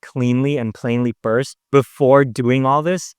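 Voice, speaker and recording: A man's voice: mid-range voice, steady tone, measured pace, smooth, no room sound, clean studio sound. A man hosting as a vocal coach, explaining singing technique in a casual, upbeat way. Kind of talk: casual reaction breakdown.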